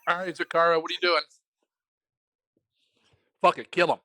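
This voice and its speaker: Man, game master, high voice, dry close sound, joking narration. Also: level tone, moderate pace, sharp tone, no room sound.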